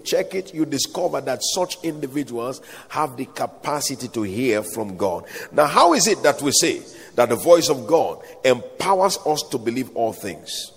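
A man preaching a sermon, calling for amens, with a sing-song, emphatic delivery and slow, drawn-out stresses. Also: on the high side, animated, gravelly, long reverb tail, slight background noise.

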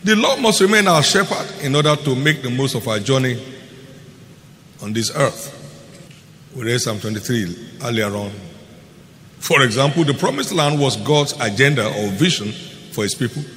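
A man preaching a sermon in a large church hall, his fairly high voice carrying through a long reverb. He hammers key phrases over and over, swinging from loud declarations to hushed asides, with a faint noise behind him. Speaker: pastor.

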